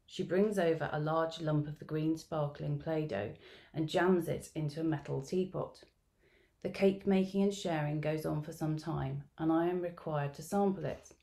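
A middle-aged woman researcher reading a field-note narrative aloud at an academic symposium, in a measured, reflective storytelling manner. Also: low-pitched, steady tone, dark tone. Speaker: education researcher presenting at a symposium.

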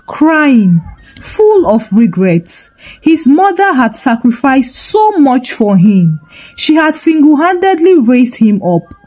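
A woman's voice: fairly high pitch, warm tone, rough recording. A woman narrating a folktale in a dramatic storytelling manner.

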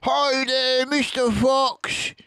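An older man voicing Bunce, a dwarfish, pot-bellied male farmer who yells in a shrill, gloating voice. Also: flat delivery, very slow, clear, resonant tone, no room sound, studio quality, heavily acted. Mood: gloating, savage.

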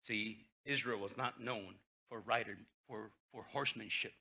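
A male pastor preaching a sermon, reading scripture aloud with animated, dramatic delivery. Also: on the low side, normal speed, gravelly, breathy edge.

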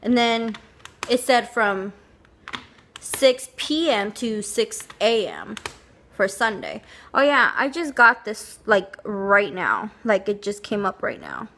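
A woman's voice: medium pitch, very animated, takes it slowly, a bit bright, a little hiss or hum. A young woman chatting casually to camera, telling a rambling story with lots of fillers. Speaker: vlogger.

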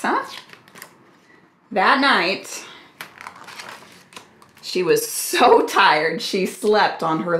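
Expressive storytime librarian woman, slow. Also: mid-range voice, reverberant. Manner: slow, expressive, asks the children questions. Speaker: children's librarian. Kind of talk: preschool storytime reading.

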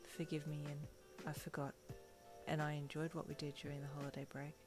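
A woman voicing a calm, soft-spoken teenage boy in a fan fiction reading. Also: low-pitched, brisk, music in the background, lightly acted.

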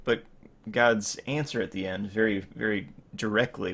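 A man in his thirties preaches in a loose, conversational way, stopping and restarting often. His voice sits low and carries a strong gravelly fry. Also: fairly even intonation, normal speed, a bit bright. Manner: rambling, with many fillers and restarts. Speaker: pastor. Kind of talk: informal sermon.

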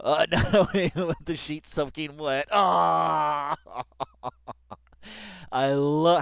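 A man's voice: medium pitch, smooth, no room sound, studio quality. A man giving casual read-along commentary as he reacts to an online article, rambling, laughing often and swearing freely.

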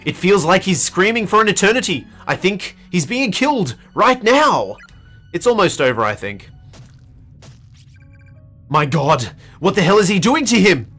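Streamer voicing horror game text aloud: slow, swooping delivery, faint game music underneath. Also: medium pitch, big pitch swings, a bit bright. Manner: theatrical, bursts into acted screams and pleading. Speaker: let's play streamer.

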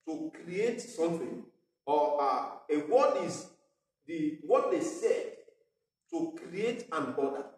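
A man preaching a sermon as pastor, talking conversationally with fillers and asides. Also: high voice. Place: parish church. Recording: echoey church hall from far off.

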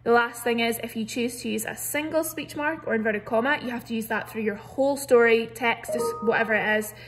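A woman's voice: fairly high pitch, brisk. A young woman teacher, explaining a grammar lesson patiently step by step. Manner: patient step-by-step explaining, reads examples aloud with emphasis. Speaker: primary school teacher. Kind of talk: recorded remote grammar lesson.

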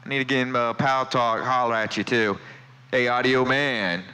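A man's voice: medium pitch, steady tone, moderate pace, pushed and bright, smooth, poor audio. A man chatting on CB radio from his home station, friendly and repeating his call sign and sign-offs. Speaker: CB radio operator. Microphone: CB radio microphone.

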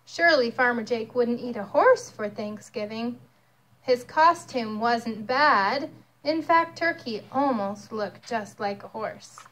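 A young mother reading a picture book aloud to her child, expressive and storytelling. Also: fairly high pitch, takes it slowly, a little hiss or hum.

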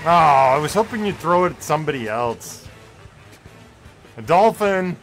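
This is a young male streamer with a somewhat high voice who talks in a slow, easygoing way between rounds. He jokes with his chat and breaks into excited shouts during tense moments. Faint game music plays behind him. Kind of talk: casual live gameplay commentary.

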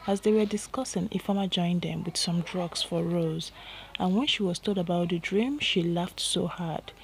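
A woman's voice: lowish voice, moderate pace, gravelly, a little hiss or hum, low-quality recording. Nigerian woman narrating a story.

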